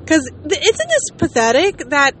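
A woman's voice: sits high, huge pitch swings, unhurried, a bit bright, a little hiss or hum. Chatty self-mocking woman in her late thirties. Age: late 30s. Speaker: vlogger. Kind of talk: casual chat.

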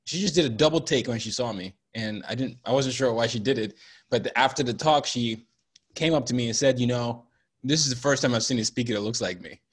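A man's voice: mid-range voice, fairly quick, husky. A man from Nigeria, a professional speaker and author, answering interview questions earnestly with examples.

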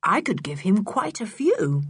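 A woman reading an audiobook, voicing a calm, dryly sarcastic eldest boy who takes charge. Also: medium pitch, measured pace, breathy edge, no echo, studio quality, full character voice. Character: cool-headed eldest boy, calm and mocking.

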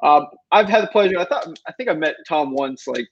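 A man's voice: fairly high pitch, lively intonation, brisk, highs cut off, slight background noise. A man hosting an interview who chats casually and in an enthusiastic, rambling way. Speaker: podcast host.

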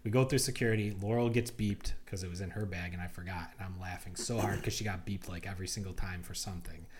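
This co-host has a deep voice and talks fast as he recounts a story on a casual podcast. He brings the characters to life, animatedly acting out their quotes.

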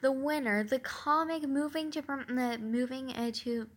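A head judge announcing a comedy contest winner, read by a woman. The voice sits fairly high, and the delivery halts with fillers and restarts. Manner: halting, stumbling reading.

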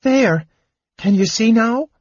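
A man voicing a cheerful, excitable young male kender with a high, eager voice. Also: takes it slowly, husky, dry recording, lo-fi sound, exaggerated voice. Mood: anxious.

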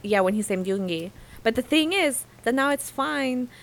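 Animated young woman retelling a story. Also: on the high side, normal speed. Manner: animated retelling with acted-out quotes. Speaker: podcast co-host. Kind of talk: casual chat recapping a story.

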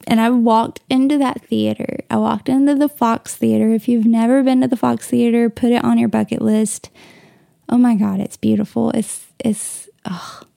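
A woman's voice: fairly high pitch, fairly even intonation, normal speed, vocal fry, mellow, no echo, studio quality. A young woman hosting a casual solo podcast from home, gushing and emotional, tearing up at times. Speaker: podcast host. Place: bedroom at home, on the bed.

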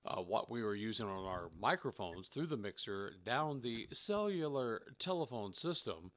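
A man from the Southern United States, a radio host and sports announcer, chatting in a dry, laid-back way that trails off quietly. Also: on the low side, sing-song, moderate pace, dry recording. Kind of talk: casual chat.

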